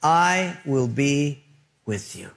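A man voicing a calm, reassuring divine figure who speaks slowly and gently. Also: mid-range voice, creaky, exaggerated voice. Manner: slow, gentle, steady.

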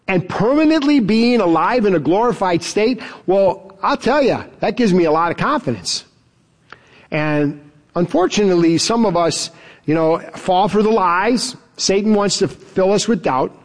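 A man preaching a sermon as pastor, emphatic and animated, chuckling now and then. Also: high voice.

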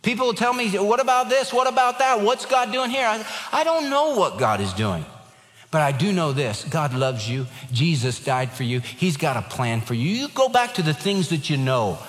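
A man's voice: mid-range voice, very animated, normal speed. A man preaching a sermon in an earnest, emphatic way, with an easy storytelling touch. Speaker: pastor. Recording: long hall reverb.

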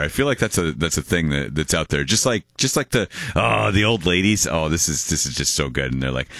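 A man's voice: extremely low pitch, expressive, brisk, vocal fry, few pauses, a bit bright, no echo, studio quality. A man hosting a radio show, chatting playfully with many restarts and laughs. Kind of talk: casual on-air banter.

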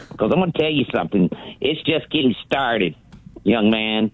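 A man's voice: medium pitch, lively intonation, moderate pace. A man calling in to a sports radio show and ranting theatrically, mocking a rival caller and repeating "young man". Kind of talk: fired-up sports radio rant. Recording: muffled phone line.

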